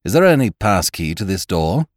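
Man reading as a deep-voiced, urgent doctor for an audiobook; dry sound. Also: big pitch swings, moderate pace, dry recording. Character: brisk middle-aged male doctor.

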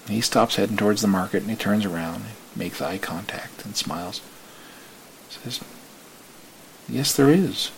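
A man narrating a story in the second person in a slow, hushed way that sometimes drops to a whisper. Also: lowish voice, steady tone, vocal fry, slight background noise, poor audio.

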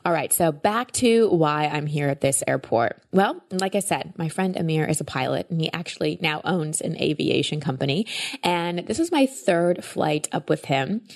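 Woman, podcast host, low voice, enthusiastic, casual storytelling. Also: lively intonation, moderate pace.

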